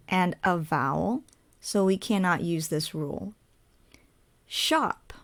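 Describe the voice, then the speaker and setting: Woman ESL teacher, very slow measured delivery, mid pitch, step-by-step explainer. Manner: spells out letters, asks and answers her own questions.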